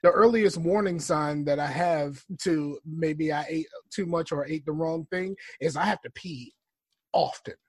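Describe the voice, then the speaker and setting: A man co-hosting a podcast, speaking in a matter-of-fact, slightly halting casual chat. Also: fairly high pitch, slightly rough, no echo, clean studio sound. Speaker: podcast co-host.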